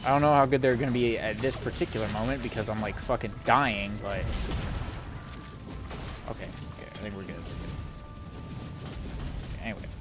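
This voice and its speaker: Male streamer, low voice, rambling casual chat with heavy swearing, over loud game music. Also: steady tone, moderate pace, pauses often. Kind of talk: casual live-stream chat while gaming.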